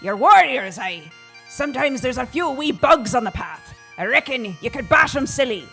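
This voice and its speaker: Woman doing a male bard with a put-on brogue, bouncy lively pitch, fairly high, faint music behind. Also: moderate pace. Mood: breezy. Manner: attempted Scottish-style brogue. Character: cheerful male bard guide, scrappy.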